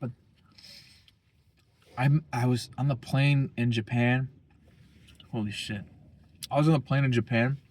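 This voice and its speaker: A man's voice: medium pitch, fairly even intonation, unhurried, pauses often, darkish tone. A young man talking casually as a vlogger, rambling and profane, full of slang. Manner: slangy, profane, rambling, keeps saying bro.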